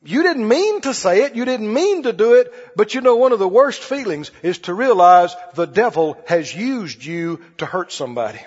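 A man's voice: high-pitched, sing-song, moderate pace, few pauses, breathy edge. A man preaching a sermon in a conversational way, asking the congregation questions and acting out little scenes. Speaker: pastor. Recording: dull lo-fi audio with long hall reverb.

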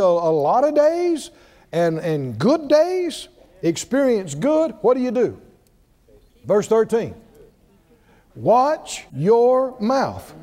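Male preacher, high sing-song delivery, unhurried; long hall reverb. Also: warm tone. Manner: emphatic call-and-response preaching. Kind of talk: sermon.

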